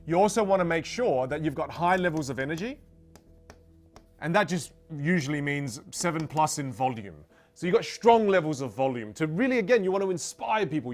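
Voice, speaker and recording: A man teaching voice technique, explaining step by step. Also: on the high side. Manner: explains step by step, demonstrates with sung syllables. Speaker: voice coach. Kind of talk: teaching to camera.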